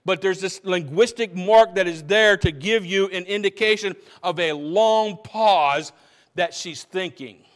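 A man with a high voice preaches slowly and conversationally as pastor, often restarting phrases and questioning the congregation. The church sanctuary adds a long hall reverb to the recording.

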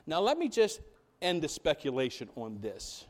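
A man's voice: mid-range voice, big pitch swings, normal speed, darkish tone. A man preaching a sermon in a church, full of rhetorical questions and building emphasis. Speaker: pastor. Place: church sanctuary.

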